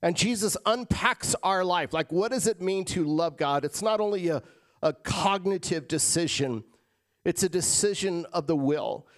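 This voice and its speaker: A man preaching a sermon as pastor, shifting between loud emphatic lines and quiet, casual asides to the congregation. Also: high voice, moderate pace. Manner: casual, addresses crowd as guys.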